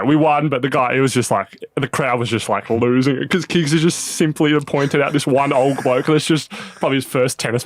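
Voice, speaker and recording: Brief: Australian man, 20s, animated storyteller, swears a lot, mid pitch, dry close sound. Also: no room sound. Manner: animated, swears freely, acts out quotes. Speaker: podcast guest. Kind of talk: casual storytelling chat.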